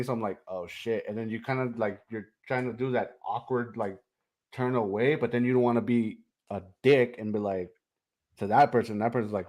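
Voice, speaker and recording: Rambling, halting male podcast co-host. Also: on the low side, fairly even intonation, a little mellow. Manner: rambling, halting, with many fillers. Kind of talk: casual chat.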